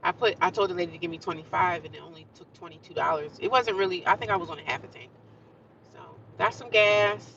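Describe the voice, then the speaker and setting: A woman's voice: fairly low pitch, fast talker, gravelly, a bit bright, distant mic, highs cut off, a little hiss or hum. A woman in a car at a gas station, talking casually and ramblingly to her viewers, encouraging herself as she goes. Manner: chatty, rambling, self-encouraging. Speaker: vlogger. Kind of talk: casual vlog talk to viewers.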